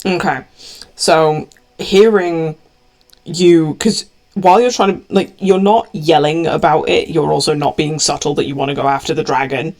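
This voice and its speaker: A woman narrating as game master in a tabletop game, describing scenes deliberately. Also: deep voice, fairly even intonation, a little mellow.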